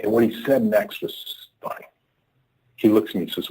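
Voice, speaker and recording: A man's voice: on the low side, moderate pace, long pauses, husky, poor audio. A middle-aged man, a company leader as podcast guest, telling a workplace story and acting out the people in it. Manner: animated storyteller, acts out quoted people.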